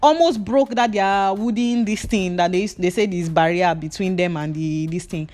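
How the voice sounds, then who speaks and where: A woman with a Nigerian accent, a hairdresser vlogger, telling an animated gossip story while she braids. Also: on the low side, normal speed. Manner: animated, chatty gossip with pidgin fillers.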